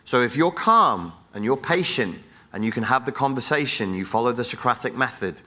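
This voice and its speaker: A man's voice: medium pitch, animated, fairly quick, pushed and bright. A middle-aged man, a psychologist, giving a blunt, profane, exhorting motivational talk on a conference stage, wired and jet-lagged.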